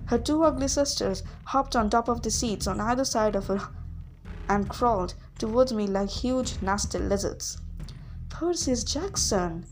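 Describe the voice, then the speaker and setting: A woman reading a novel aloud as a first-person narrator, lively, with occasional small slips. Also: fairly high pitch, normal speed, soft background music. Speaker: audiobook reader.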